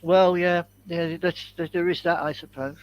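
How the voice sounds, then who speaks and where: A man's voice: a little high, level tone, moderate pace. An older man, chatting casually as a podcast co-host with dry, wry remarks. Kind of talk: casual chat. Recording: dull lo-fi dry sound.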